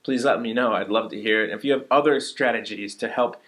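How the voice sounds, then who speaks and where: A man teaching a language lesson at an ordinary middle pitch. He is patient and explanatory, slowing down to spell out sounds and repeating them for his learners. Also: a bit bright. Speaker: Chinese teacher.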